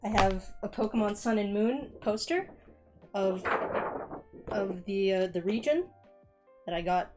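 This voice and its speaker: A woman's voice: medium pitch, measured pace, long pauses, music in the background. A young woman streamer chatting casually in her bedroom as she tidies, rambling and poking fun at herself with frequent laughs. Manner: rambling and self-mocking, laughs often. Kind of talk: casual chat while cleaning.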